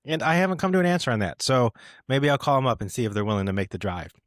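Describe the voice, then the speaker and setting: A man's voice: mid-range voice, expressive, rapid-fire, dry recording, clean studio sound. A man co-hosting a podcast in casual chat, teasing and telling stories. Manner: playful, teasing, storytelling. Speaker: podcast co-host.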